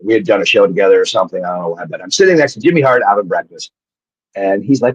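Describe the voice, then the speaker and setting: A man's voice: on the low side, racing, slightly rough, no room sound. A man, a former wrestler, telling rambling, profane stories as a guest in casual chat, heard through dull lo-fi remote audio. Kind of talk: casual storytelling.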